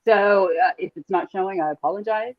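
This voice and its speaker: A woman's voice: mid-range voice, brisk, dry recording. A woman hosting a live stream, brash and swearing, talking to her viewers. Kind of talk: casual chat. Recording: dull dry lo-fi stream audio.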